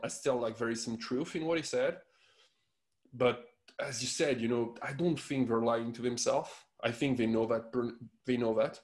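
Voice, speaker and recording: A man in his thirties from France with a French accent, co-hosting a podcast in an animated, laughing rant. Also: mid-range voice. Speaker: podcast co-host. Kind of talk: casual chat.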